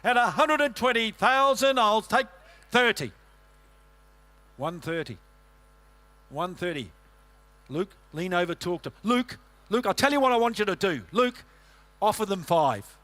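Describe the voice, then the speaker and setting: A man working as an auctioneer, rattling off bids in a quick rhythmic chant and coaxing bidders. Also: sits high, expressive, sharp tone. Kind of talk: livestock auction calling.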